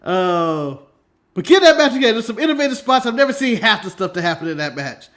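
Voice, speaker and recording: A man's voice: high-pitched, very animated, brisk, fairly bright tone. A man from the United States, a podcast co-host chatting casually, joking and laughing through his talk. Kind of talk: casual chat.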